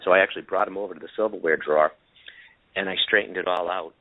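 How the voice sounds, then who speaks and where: A man with a very low, deep voice tells a story on a call-in show. He rambles with lots of ums and restarts. It comes through a thin, tinny phone line. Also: fast. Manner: rambling, many fillers and restarts. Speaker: guest inventor of camera glasses.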